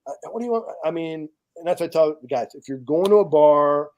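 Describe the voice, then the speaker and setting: Blunt, animated man telling a story. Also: fairly high pitch, fairly quick. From United States. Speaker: podcast guest, charity founder. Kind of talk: casual storytelling chat.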